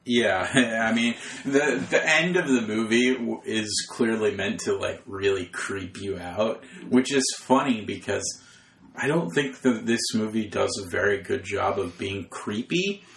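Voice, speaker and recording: Low gravelly guy, chill movie chat, echoey room with faint hiss. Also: a little slow, a bit bright. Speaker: podcast co-host. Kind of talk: casual movie discussion.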